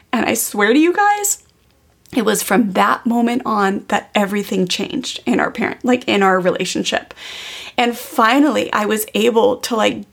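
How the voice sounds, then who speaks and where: Woman, 30s, parenting coach; casual and earnest, lots of "like"; vocal fry throughout. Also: medium pitch. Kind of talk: personal storytelling.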